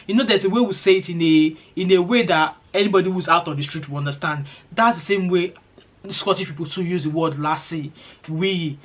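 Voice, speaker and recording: A woman's voice: lowish voice, fast. A middle-aged Nigerian woman with a Nigerian accent chatting casually to her vlog viewers, reassuring and easygoing, with pidgin phrases slipping into her talk. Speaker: vlogger.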